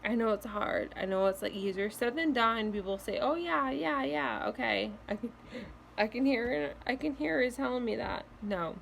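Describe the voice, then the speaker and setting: A woman's voice: a little high, moderate pace, creaky, a little hiss or hum. A young woman vlogging casual, earnest breakup advice, reassuring and full of "like" fillers, with hiccups now and then. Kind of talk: casual heartfelt advice to camera.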